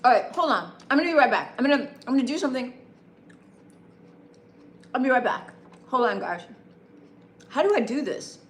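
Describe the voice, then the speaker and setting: A woman streamer with a slightly high, broadcaster-like voice rambles through a casual late-night chat. She greets her viewers by name. Her voice bounces around an echoey room. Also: big pitch swings, fairly quick, long pauses. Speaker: live streamer.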